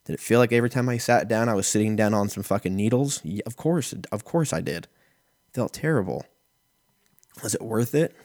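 Fairly quick and lively in intonation, his lowish, darkish voice carries rambling, profane tales that poke fun at himself. He's a man in his thirties hosting a podcast in a casual storytelling mode, recorded at studio quality with no room sound.

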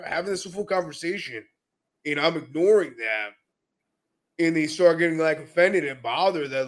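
A man talking as a guest in a casual podcast interview, telling animated stories and often laughing as he goes. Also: fairly high pitch, normal speed. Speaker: podcast guest, jiu-jitsu brown belt.

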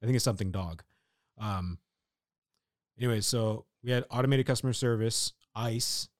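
Lower-voiced man, dry close sound. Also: normal speed, dry recording. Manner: steering the talk, trailing off quietly. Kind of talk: casual chat.

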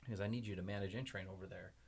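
A man's voice: sits low, fairly even intonation, racing, slightly rough. A young man, a podcast guest, telling a rambling story in casual chat with lots of fillers.

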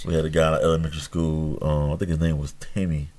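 A man's voice: a bass voice, level tone, fast talker, darkish tone. A man co-hosting a casual podcast chat, telling stories and reacting expressively. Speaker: podcast co-host.

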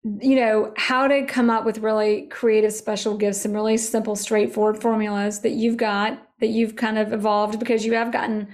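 A woman's voice: mid-range voice, normal speed. A woman hosting a casual podcast interview, talking with energy and enthusiasm. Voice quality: energetic and enthusiastic, fond of emphatic asides. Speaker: podcast host.

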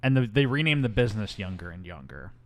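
A man co-hosting a podcast, recapping a movie in casual, deadpan chat with mocking asides. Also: on the low side, quick pace. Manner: wry, deadpan, does mocking impressions. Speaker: podcast co-host.

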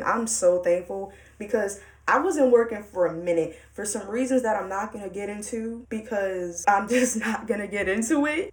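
A young adult woman hosting her own podcast, talking on her own in a chatty, candid way with slangy asides. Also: mid-range voice. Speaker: podcast host. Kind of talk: casual solo podcast monologue.

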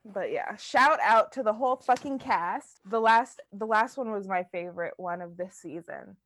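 With a medium-pitched voice and a moderate pace, a young podcast co-host keeps the casual chat animated. Laughter comes often, and so does the swearing.

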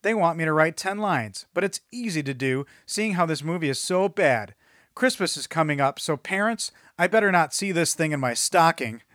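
A man's voice: fairly high pitch, lively intonation, moderate pace, fairly bright tone, no room sound, studio quality. A man co-hosting a podcast, reading out reviews in a mocking tone and cracking up along the way. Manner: mocking, breaks into laughter mid-read. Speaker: podcast co-host. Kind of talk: reading out reviews in a casual chat.

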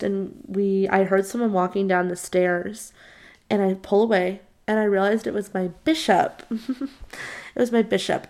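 A woman's voice: medium pitch, vocal fry. A young woman casually telling a story to her viewers, chatty, laughing often and acting out the people she quotes. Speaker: vlogger.

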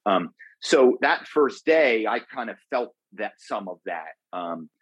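A man's voice: fairly low pitch, lively intonation, takes it slowly, breathy edge, no room sound, poor audio. A middle-aged man as an interview guest, telling a long personal story in a loose, rambling way, full of fillers and restarts. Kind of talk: conversational storytelling.

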